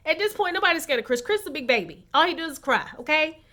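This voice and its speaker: A woman giving a sassy, animated casual recap of a reality show to her viewers. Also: sits high, quick pace. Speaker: recap vlogger.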